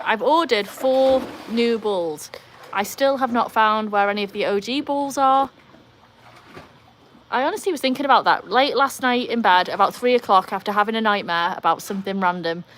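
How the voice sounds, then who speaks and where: A woman from North Yorkshire with a Yorkshire accent, hosting a live stream and chatting casually with wry, self-mocking asides. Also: medium pitch. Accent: North Yorkshire English. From North Yorkshire, England. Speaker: livestream host.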